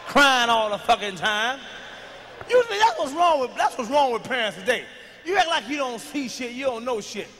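A man doing a profane stand-up comedy routine, ranting loudly with shouted bursts, recorded on a stage in a large hall. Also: extremely high pitch, very animated, moderate pace, a little hiss or hum.

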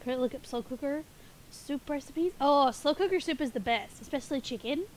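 A woman's voice: high-pitched, a little hiss or hum. A woman live-streaming a game from home, chatting playfully and giggling, a little sniffly and groggy. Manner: playful and giggly, quick asides. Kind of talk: casual live-stream chat.

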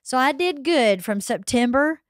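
A middle-aged woman with a Southern US accent, hosting a podcast and telling stories in casual chat, lively and quick to laugh. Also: high-pitched, no room sound, clean studio sound. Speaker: podcast host.

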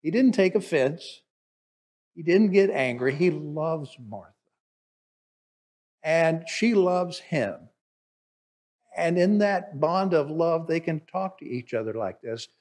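Guy preaching a sermon, chatty and explaining stuff, slightly high voice. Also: slow, pauses often. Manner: conversational, explanatory, animated at times. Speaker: pastor.

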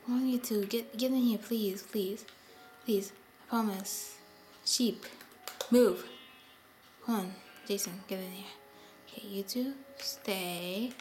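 A woman's voice: medium pitch, slow pace, pauses often, darkish tone, faint music behind. A woman giving casual gameplay commentary, chatty and sighing often as she talks to the animals in her game. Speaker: gameplay video host.

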